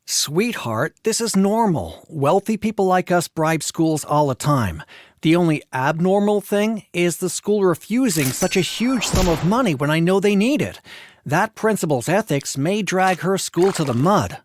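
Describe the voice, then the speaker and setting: Man voicing a wealthy dad, smug offhand tone, lively pitch, dry close sound. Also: measured pace, no room sound. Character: rich, dismissive father. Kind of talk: animated storytime voice acting.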